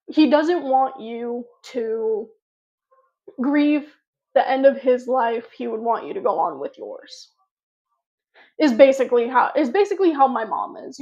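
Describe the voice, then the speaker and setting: A woman's voice: sits high, a little mellow, dull audio. A woman vlogger telling a personal story to her viewers in a casual, rambling way, full of fillers and restarts.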